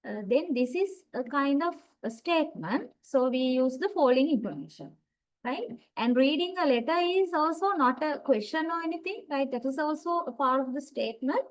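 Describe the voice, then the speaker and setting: High-voiced woman lecturing online. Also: expressive, low-quality recording. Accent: South Asian English. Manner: explains slowly with many fillers.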